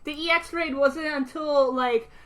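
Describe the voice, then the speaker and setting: A woman's voice: high-pitched, steady tone, a little slow, crowd noise. A young woman co-hosting a casual podcast, rambling with lots of fillers. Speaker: podcast co-host.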